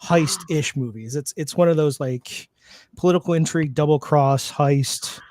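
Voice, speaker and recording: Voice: medium pitch, moderate pace, a little mellow, dry recording. Podcaster recommending films, dry mic. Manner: enthusiastic film recommendations, restarts a lot. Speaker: podcast co-host. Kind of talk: casual chat.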